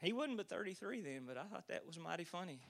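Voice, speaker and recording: Preacher, man, 40s: high, bright, ringing voice; homespun stories building to fervent emphasis. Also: big pitch swings, quick pace, gravelly. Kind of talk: sermon.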